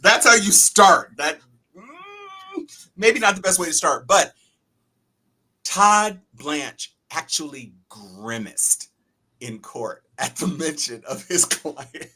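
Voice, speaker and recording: A man's voice: fairly high pitch, sing-song, slow pace, sharp tone, slight background noise. A man co-hosting a casual political chat, wry and laughing as he acts out quotes. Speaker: podcast co-host.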